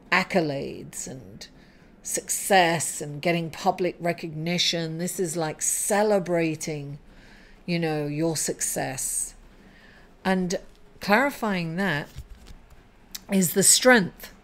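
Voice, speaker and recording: A middle-aged woman reads tarot in an effusive, encouraging monologue. She keeps calling the listener darling and sounds upbeat throughout. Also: fairly low pitch. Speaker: tarot reader.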